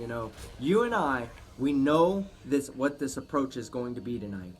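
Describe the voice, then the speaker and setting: A man hosting a live stream, chatting casually, swearing often and thanking viewers with emphatic shouts. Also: medium pitch, sing-song, normal speed. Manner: profane, emphatic, shouts out supporters. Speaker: livestream host. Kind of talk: casual livestream chat.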